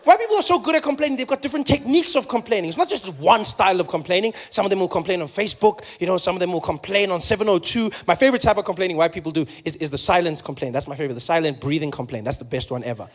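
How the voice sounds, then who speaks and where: A man's voice: sits high, racing, hardly any pauses. A man with a South African accent doing a conversational, playful stand-up routine and acting out voices. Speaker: stand-up comedian.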